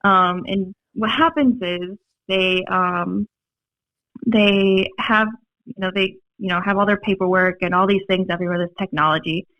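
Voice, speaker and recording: A young woman with a Minnesota accent, a podcast guest telling stories in a rambling, animated way, full of fillers and laughs. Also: mid-range voice, moderate pace, no room sound. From Minnesota, USA. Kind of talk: casual storytelling chat. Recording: dry, slightly dull podcast audio.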